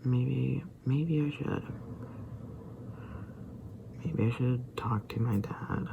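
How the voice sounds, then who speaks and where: Low creaky voice, sick and mumbling. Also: very slow, lo-fi sound, noisy background. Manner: hesitant, trailing off, often dropping to a whisper. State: feeling sick and tired. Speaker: daily vlogger. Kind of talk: rambling personal vlog.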